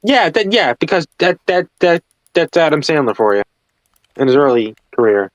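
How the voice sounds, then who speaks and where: A man streaming, chatting casually with friends and reading out chat comments in an animated, opinionated way. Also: a little high, moderate pace, no room sound.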